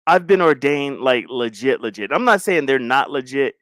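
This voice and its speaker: A middle-aged man hosting a livestream, chatting loosely with viewers in slangy banter and giving them shout-outs. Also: medium pitch, expressive, normal speed, no echo. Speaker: livestream host greeting chat. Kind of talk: casual livestream chat.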